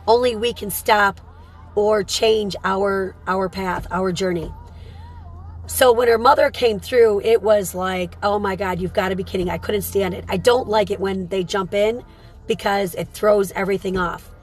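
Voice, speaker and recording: A woman's voice: mid-range voice, a little slow, rough recording. A woman who works as a psychic medium and hosts a show, telling a story in a rambling, casual way and repeating phrases for emphasis.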